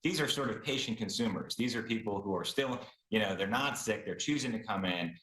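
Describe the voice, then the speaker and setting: A man with a very deep voice answers an interviewer's questions in a measured, earnest way. The room around him is echoey. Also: animated, fairly bright tone. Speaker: chief medical officer.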